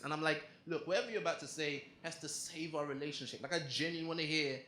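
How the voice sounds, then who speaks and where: On a comedy club stage, a young man does stand-up for a live audience, telling a story animatedly and acting out other people's lines. His voice is a little high, quick, with few pauses, and the roomy live recording catches audience laughter.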